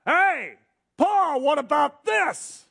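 A man voicing an indignant Greek chorus that shouts incredulous objections at a preacher. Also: very high voice, lively intonation, extremely slow, vocal fry, pitched above the performer's own voice, heavily acted.

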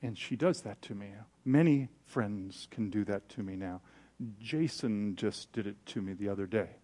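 A man's voice: lowish voice, moderate pace, warm tone. A man preaching, telling a personal story in a candid, self-deprecating way and acting out the voices he quotes. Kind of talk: sermon storytelling.

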